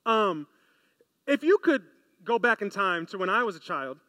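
Bright, high-voiced male preacher. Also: normal speed, dry recording. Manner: animated, conversational, asks the audience questions. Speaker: pastor. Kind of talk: sermon. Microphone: close mic, podcast.

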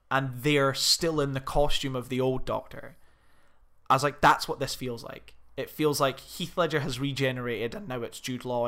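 A man in casual podcast chat, reviewing a film in an animated way and swearing freely. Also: mid-range voice. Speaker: podcast co-host.

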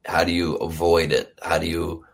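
A male interview host with a very deep, gravelly voice. He reacts with audible awe and asks earnest, searching questions. His pitch sits low with a rough, crackling texture. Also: flat delivery, normal speed. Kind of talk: conversational interview.

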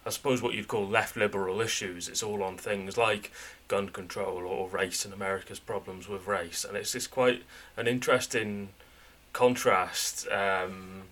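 Low-voiced british guy, bright tone, thinking out loud on a podcast. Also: fairly even intonation. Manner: thoughtful, halting, many restarts. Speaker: podcast co-host. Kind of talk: casual podcast chat.

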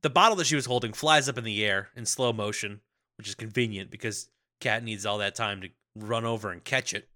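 A man co-hosting a podcast, recapping a film in casual chat and acting out characters in quick impressions. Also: on the low side, bright, forceful tone.

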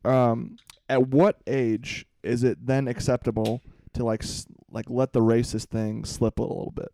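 A man's voice: medium pitch, little pitch movement, a little slow, gravelly, mellow. A young man co-hosting a casual podcast, teasing his friends with dry banter. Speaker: podcast co-host. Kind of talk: casual chat.

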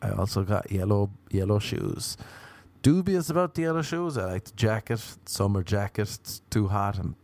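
A man's voice: on the low side, sing-song, moderate pace, a little mellow. An Irish man telling rambling, profane comic stories in a wry, offhand way. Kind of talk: casual comedic monologue.

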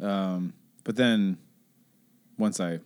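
Soft-spoken low-voiced man reflecting. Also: extremely slow, clear, resonant tone. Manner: reflective, soft-spoken, acts out quoted exchanges. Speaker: youth pastor. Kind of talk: casual podcast chat.

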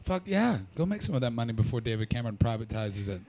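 A man's voice: mid-range voice, big pitch swings, fast, a little mellow. A man doing stand-up, brashly and profanely teasing the audience in crowd work. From not from Britain. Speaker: stand-up comedian.

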